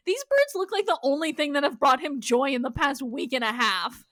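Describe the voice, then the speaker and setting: A woman co-hosting a podcast, chatting casually about a TV episode, animated and laughing as she acts out quotes. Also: high voice, brisk. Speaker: podcast co-host. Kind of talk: casual chat recapping a TV episode.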